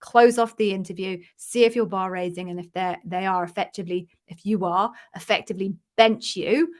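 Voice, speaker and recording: A woman's voice: mid-range voice, steady tone, a little fast. A woman giving direct, chatty coaching advice. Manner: direct, conversational, reassuring advice. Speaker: interview coach. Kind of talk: casual Q&A answering viewer questions.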